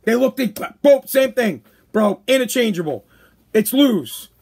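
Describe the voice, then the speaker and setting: High-voiced dude ranting on his live stream podcast, loud and cocky, keeps saying bro. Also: expressive, measured pace, vocal fry, breathy edge. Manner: brash, emphatic, self-mocking, says "bro" often. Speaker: podcast host. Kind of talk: casual live-stream monologue.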